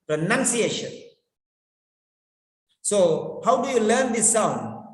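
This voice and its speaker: Male pronunciation teacher, slow and high-pitched, drilling words by repetition, long echoing reverb. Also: expressive. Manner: deliberate, repeats words over and over to drill them. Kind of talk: classroom lecture with repetition drills. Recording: echoey room with long reverb.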